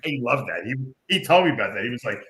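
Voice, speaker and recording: Bright-voiced male podcast host. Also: medium pitch, expressive, fast. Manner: rambling, explanatory, many fillers. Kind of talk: casual podcast chat.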